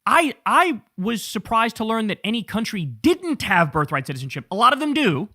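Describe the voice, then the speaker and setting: Bright-voiced, profane political commentary host. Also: male voice, sits high, moderate pace, dry recording, studio quality. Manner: profane, mocking and animated, laughing at his targets. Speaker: host of a political talk show.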